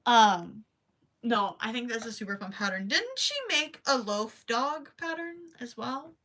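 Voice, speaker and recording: A young woman with a bright, slightly high voice chats on a home crochet livestream. She is talkative and giggly, reads viewer comments aloud and murmurs her stitch counts as she works. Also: lively intonation, unhurried. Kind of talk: casual livestream chat while crocheting.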